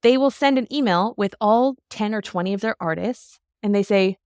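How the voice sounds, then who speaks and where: A woman's voice: medium pitch, normal speed, a little mellow, clean tone, dry recording, studio quality. Chatty Canadian woman hosting. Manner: chatty, laughs often. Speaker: podcast host. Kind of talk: casual podcast conversation.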